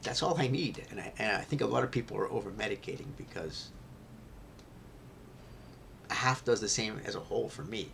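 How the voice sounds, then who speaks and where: A man telling a candid personal vlog story, rambling with many restarts and often dropping to a hushed near-whisper. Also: lowish voice, brisk, gravelly, long pauses, slight background noise.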